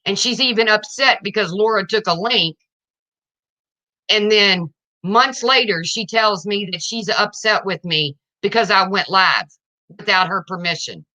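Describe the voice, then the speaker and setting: A woman's voice: medium pitch, a little slow, pushed and bright. A woman livestreaming to her viewers, ranting in an indignant, confrontational way and addressing them directly.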